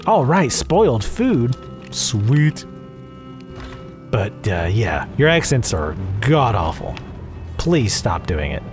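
A man's voice: medium pitch, very animated, takes it slowly, long pauses, faint music behind. Sarcastic Southern man commenting on gameplay. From American South. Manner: sarcastic, profane, rambling asides. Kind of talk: casual let's play commentary. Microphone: desk mic at home.

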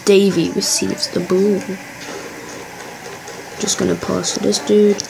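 A woman giving excitable, chatty commentary while playing a football video game, cheering and muttering by turns. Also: medium pitch, slow, vocal fry, noisy background. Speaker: gaming channel host. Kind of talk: live gameplay commentary.

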